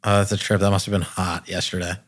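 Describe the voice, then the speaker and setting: A man with a Boston accent hosting a podcast in an easygoing, slangy way, with quick interjections. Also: deep voice, level tone. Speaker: podcast host. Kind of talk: casual podcast chat.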